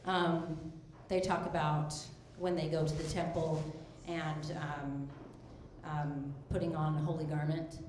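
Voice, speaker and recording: A woman's voice: sits low, little pitch movement, measured pace, a little mellow. A woman in her thirties speaking as a guest on a live podcast, hesitant, with many ums. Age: 30s. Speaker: audience guest. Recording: echoey live room with faint noise, far from mic.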